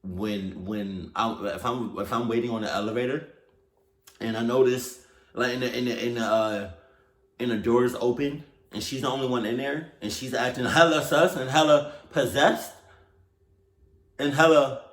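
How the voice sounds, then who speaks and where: A man's voice: medium pitch, unhurried, fairly bright tone. A man hosting a reaction video, talking casually with slang and swearing as he blurts out reactions. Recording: roomy echo.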